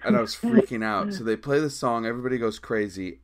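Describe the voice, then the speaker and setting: A man's voice: mid-range voice, fast talker, hardly any pauses. A man on a podcast as a guest musician, telling a story casually and acting out the quotes. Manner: animated, acts out quotes in the story.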